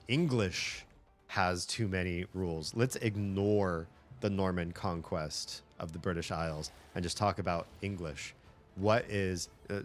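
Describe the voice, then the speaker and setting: A man with a very low voice talks casually to his stream viewers and wanders into long explanations about words and accents. Faint music plays under his voice. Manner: rambling, talkative, lecturing on language. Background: faint game music.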